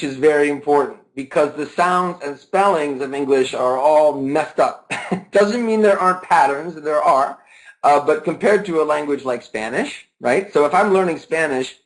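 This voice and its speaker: A man's voice: a little high, rough recording. A man presenting a live teaching webinar over a video call, who keeps asking the audience questions and then answers them himself, and who stretches words out to show stress and intonation.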